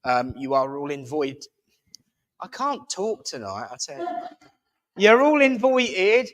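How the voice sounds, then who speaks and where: Slow, chatty man leading a service. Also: medium pitch, very animated, a bit bright, low-quality recording. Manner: chatty, self-mocking, playful. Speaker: service leader and host. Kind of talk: jokey announcements and closing prayer. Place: village hall.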